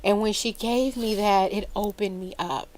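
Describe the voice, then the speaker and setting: A woman with a young son, co-hosting a podcast and telling an emotional personal story in casual chat, her voice climbing high when she gets excited. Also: moderate pace, a little hiss or hum. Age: adult with a young son. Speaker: podcast co-host.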